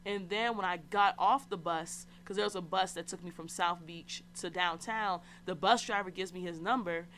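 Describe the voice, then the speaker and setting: A woman's voice: fairly low pitch, normal speed, hardly any pauses, fairly bright tone, slight background noise. A young adult woman hosting a podcast, telling a personal story in a chatty, slangy and candid way and talking straight to her listeners. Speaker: podcast host. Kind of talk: casual solo storytelling.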